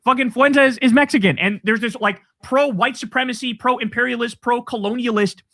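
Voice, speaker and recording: Picture a man with a high, keen voice tearing into his targets. Every phrase lands profane and scornful, driven hard for emphasis. The sound is dry and close, with no room around him. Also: moderate pace, vocal fry, fairly bright tone, dry recording. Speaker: political commentator. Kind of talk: heated political rant.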